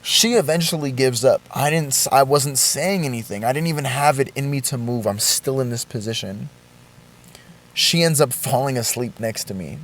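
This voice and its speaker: A young man vlogging a confessional story, shaken and halting, with swearing and frequent restarts. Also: mid-range voice.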